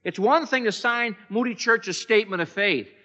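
A male pastor delivers a sermon with a bright, forceful voice, leaning on repeated words to drive each point home. He sits a little high for a man. The sound rings with a long hall reverb and comes through a dull, lo-fi recording. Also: normal speed. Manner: emphatic, repeats words for effect.

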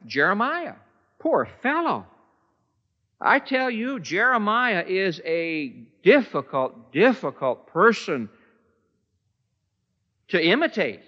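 A man's voice: sits high, fairly bright tone. A man preaching a sermon in a large church, emphatic and fond of repeating words for effect. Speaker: pastor. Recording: echoey church hall, dull lo-fi sound.

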